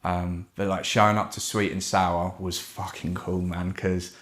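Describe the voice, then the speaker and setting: Low-voiced man telling stories. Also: unhurried, slight background noise. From Kent, England. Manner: animated, swears constantly, does voices. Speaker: tattoo artist guest. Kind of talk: casual storytelling.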